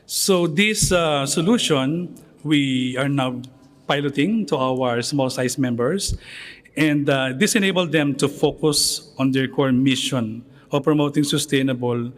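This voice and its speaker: Male official on a panel; formal, measured delivery, ordinary pitch. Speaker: association secretary general, panel speaker. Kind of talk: conference panel remarks.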